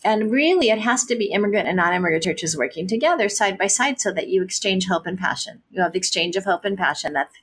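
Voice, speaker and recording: A woman's voice: medium pitch, lively intonation, fast, few pauses, a bit bright, husky. A woman pastor answering interview questions, speaking earnestly and with passion, often adding "you know" and "right?".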